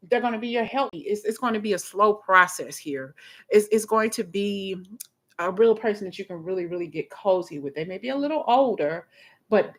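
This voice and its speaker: A woman's voice: medium pitch, a bit bright. A woman giving a live tarot reading, talking in a chatty, rambling way and often repeating her words. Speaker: tarot reader.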